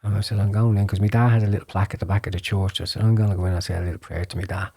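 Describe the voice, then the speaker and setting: This is an Irish man with a lowish voice, telling his personal testimony as a podcast guest. His tone is dark and mellow, and he speaks earnestly. He stumbles over repeated words and sometimes drops to a hushed whisper. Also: flat delivery, rapid-fire, vocal fry, slightly rough. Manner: earnest storytelling, drops to a hushed whisper when recalling prayers; frequent repeated words and restarts.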